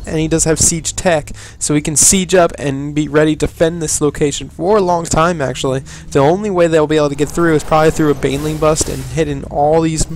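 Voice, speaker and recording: A man's voice: a little high, a little hiss or hum. A man casting a strategy video game, talking in a loose, rambling way, restarting sentences and leaning on stock phrases. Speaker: game caster. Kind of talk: casual live game commentary.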